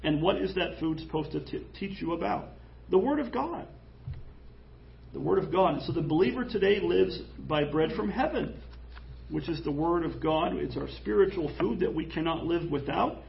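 A man preaching an animated, jokey sermon in church, acting out quoted voices. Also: a little high, normal speed, creaky, dull audio. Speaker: pastor.

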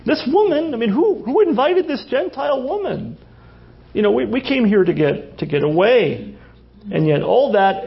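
A man's voice: a little high, creaky. A man preaching a sermon, asking rhetorical questions and often restarting his phrases. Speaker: pastor. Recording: dull lo-fi recording.

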